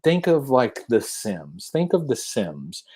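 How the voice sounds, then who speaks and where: A man's voice: mid-range voice, very animated, slow, warm tone, slightly rough. Rambling Southern-accented man. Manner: rambling with many restarts. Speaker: podcast guest. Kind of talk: casual chat.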